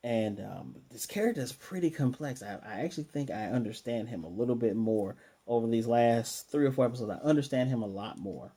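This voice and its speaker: This anime reviewer, a man whose voice is mellow and a bit husky, gives a brisk, casual recap of an episode at medium pitch with hardly any pauses. His loose, chatty retelling paraphrases the characters' lines and stumbles through restarts.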